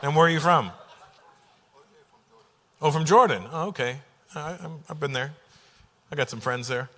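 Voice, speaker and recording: A man doing stand-up comedy from Canada, animated and teasing the audience as he tells stories on a large theater stage. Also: fairly high pitch, normal speed. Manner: animated, teasing audience members, puts on voices. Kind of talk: stand-up comedy with crowd work.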